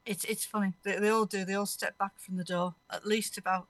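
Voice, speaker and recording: A woman's voice: medium pitch, level tone, a little fast, a bit bright, dry recording. Rambling, anecdotal woman host. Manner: rambling, anecdotal, laughs through her stories. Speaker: radio show host. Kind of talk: casual chat.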